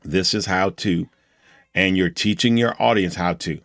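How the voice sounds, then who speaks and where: A man's voice: low voice, a little slow, fairly bright tone, no echo, clean studio sound. A man teaching an online class, talking in a loose, motivational way with many restarts.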